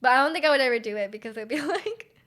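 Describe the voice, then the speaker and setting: A woman's voice: high-pitched, lively intonation, very fast, fairly bright tone. A young woman from Canada with a Canadian accent, chatting casually with her stream chat, rambling and trailing off between laughs. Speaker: Twitch streamer.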